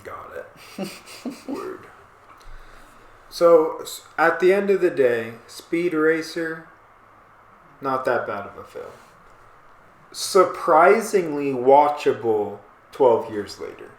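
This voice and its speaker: A man with a fairly high voice rambles through a casual podcast chat, breaking off and restarting his thoughts as he goes. He sounds animated and talkative. The room around him is echoey. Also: slow, long pauses. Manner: rambling, animated, self-interrupting. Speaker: podcast co-host. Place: small apartment room.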